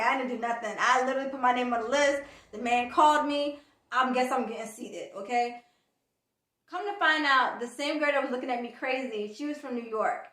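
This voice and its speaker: Woman vlogger, fairly high voice, animated storytime chat, echoey room. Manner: chatty, animated retelling with quoted dialogue. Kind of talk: casual storytime vlog.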